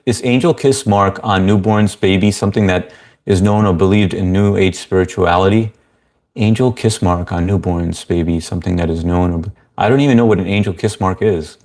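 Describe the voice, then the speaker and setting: A man's voice: on the low side, a little mellow. A man hosting a casual livestream, reading viewer comments aloud and greeting people by name in an easygoing way. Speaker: livestream host.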